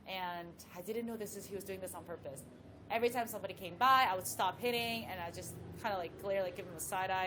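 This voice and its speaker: A woman, a professional golfer, telling a story as a guest in a casual chat with lively asides. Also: mid-range voice, noisy background.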